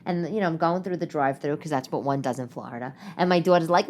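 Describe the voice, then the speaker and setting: A chatty woman tells stories at home in a loose, rambling way, trailing off into side comments. Her voice sits a little low for a woman. She talks casually, like she is chatting with a friend in her living room. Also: darkish tone. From New York. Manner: chatty, rambling, self-interrupting with quick asides. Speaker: podcast host. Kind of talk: casual storytelling monologue.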